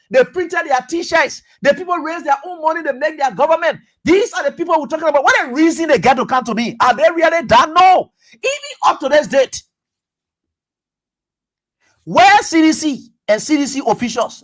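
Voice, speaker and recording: Radio host, high voice, emphatic, repetitive, rhetorical questions. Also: a bit bright. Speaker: radio talk show host. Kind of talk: political commentary.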